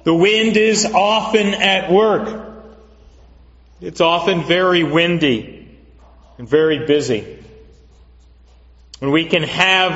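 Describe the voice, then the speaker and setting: A man preaches in a slow, deliberate sermon, leaning on repetition to drive each point home. His voice sits fairly high for a man. The dull, lo-fi recording rings with a long hall reverb. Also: a bit bright. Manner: measured, earnest preaching with repetition for emphasis. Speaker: pastor.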